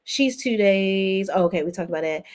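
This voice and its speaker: A woman in her thirties with a lilting, ordinary middle-pitched voice hosts a casual YouTube live stream at a moderate pace. She reads viewers' comments out loud and responds in a chatty, gossipy manner.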